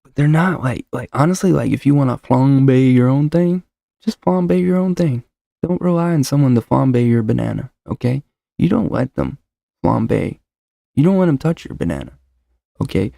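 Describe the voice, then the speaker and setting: Here a man hosts his own show at a moderate pace, his medium-pitched voice expressive, gravelly and dark. Speaking into a desk mic with a noise suppressor, he rambles, jokes and talks over himself in casual solo podcast chat, recorded dry with clean studio sound.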